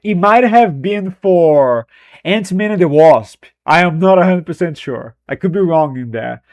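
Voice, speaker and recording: A male streamer talks casually to his chat while editing footage, drifting from thought to thought and poking fun at himself. His voice sits a little high. The sound is close and dry, with no room echo. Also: animated, unhurried, a little mellow, dull audio. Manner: rambling, self-deprecating, often laughing.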